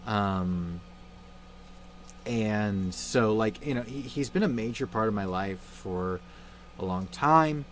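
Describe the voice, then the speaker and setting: A young man hosting a livestream, talking in a halting, subdued way with many fillers and restarts, grieving and somber. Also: on the low side, animated, a little hiss or hum. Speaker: livestream host. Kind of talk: casual livestream chat.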